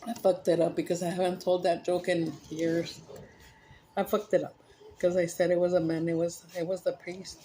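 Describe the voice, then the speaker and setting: Brief: woman vlogger, relaxed mellow voice, rambling storyteller, faint background hiss. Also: on the low side, normal speed. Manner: rambling, animated joke-telling with frequent self-corrections. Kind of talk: casual storytelling.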